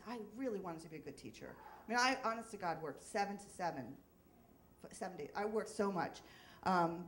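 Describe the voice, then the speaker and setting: Woman storyteller at a live slam, chatty, self-mocking, laughs a lot, middle-aged, medium pitch. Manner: chatty, self-deprecating, laughs often, restarts. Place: live event in front of an audience.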